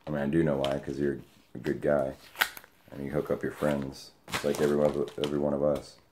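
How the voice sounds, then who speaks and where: A man opening sports card mail on camera, chatting excitedly to the friend who sent it. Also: rumbling low, quick pace, background noise. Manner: excited, talks to the sender directly. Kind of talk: casual unboxing vlog.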